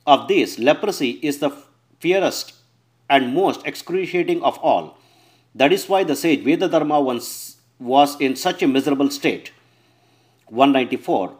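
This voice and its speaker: A man with a somewhat high voice reads a devotional scripture translation verse by verse. He calls out each verse number and keeps a measured, even delivery, now and then fixing a slipped word. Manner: measured, announces verse numbers, occasional self-corrections.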